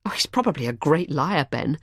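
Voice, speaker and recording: A woman's voice: sits low, animated, a little fast, breathy edge, dry recording, clean studio sound, full character voice. A woman voicing an anxious, caring young woman in an audiobook, with urgent, rising questions in a raised voice. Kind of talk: audiobook character voice.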